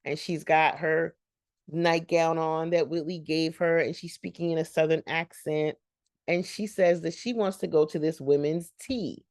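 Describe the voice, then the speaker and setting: A woman's voice: deep voice, steady tone, a little slow, darkish tone, no room sound, clean studio sound. A woman hosting a reaction channel, recapping a sitcom episode in a chatty, rambling way with laughing asides.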